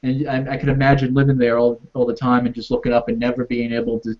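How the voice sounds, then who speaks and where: A man's voice: mid-range voice, completely flat delivery, fast talker, dull audio. A man with a New York accent, co-hosting a casual discussion on a video call, talking hesitantly and repeating his words. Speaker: co-host.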